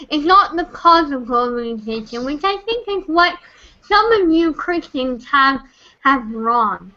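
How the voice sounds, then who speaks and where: A woman's voice: high-pitched, bright, forceful tone, lo-fi sound. A young woman, drunk and close to tears, ranting in an online chat room, stammering, repeating herself and swearing. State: tearful, on the edge of crying. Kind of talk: emotional rant.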